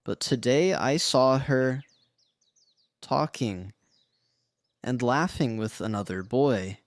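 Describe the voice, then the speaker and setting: A man's voice: mid-range voice, no room sound. A man voicing a shy, earnest teenage grandson in a scripted story.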